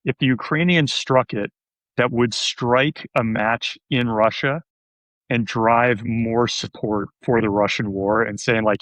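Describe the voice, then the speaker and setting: A man's voice: mid-range voice, steady tone, takes it slowly, fairly bright tone, no room sound, poor audio. A man hosting a podcast, talking conversationally and putting questions to his co-host. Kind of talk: casual podcast chat.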